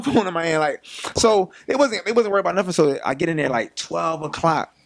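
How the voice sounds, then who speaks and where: A man's voice: on the high side, brisk, gravelly, few pauses. A young man from Philadelphia, a podcast guest, telling a story casually and acting out the voices of the people in it. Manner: animated retelling, acts out quoted voices.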